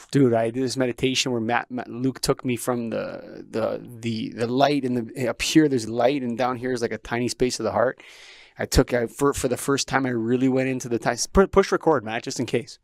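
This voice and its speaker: A man's voice: mid-range voice, moderate pace, creaky, dry recording. A man hosting a podcast, recounting a personal experience with raw emotion. He rambles, restarts his sentences and swears freely. His voice sits in a middle register, recorded dry and close. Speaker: podcast host. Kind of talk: casual storytelling chat.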